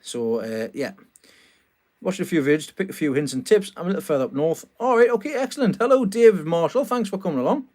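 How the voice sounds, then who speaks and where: A man's voice: a little high, animated, fairly quick, darkish tone. A man chatting casually on a live stream from a small greenhouse at night, greeting viewers and laughing often. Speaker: vlogger hosting a live stream.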